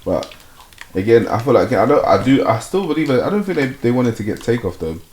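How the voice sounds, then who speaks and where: A man chatting casually as a podcast host, laughing loudly and going high when amused. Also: sing-song, fairly quick. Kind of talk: casual chat. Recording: echoey room with faint noise.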